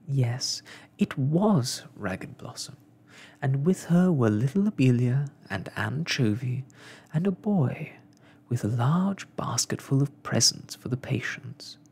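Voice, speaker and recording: A storyteller reading a children's story aloud in a whispered role-play, soft and hushed. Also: mid-range voice, creaky, husky.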